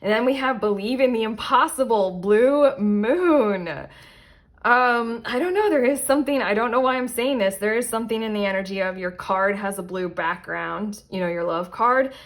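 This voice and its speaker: A woman's voice: medium pitch, normal speed. Rambling woman giving a tarot reading. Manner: rambling, self-interrupting, frequent fillers and asides. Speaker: tarot reader. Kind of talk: casual pick-a-card tarot reading.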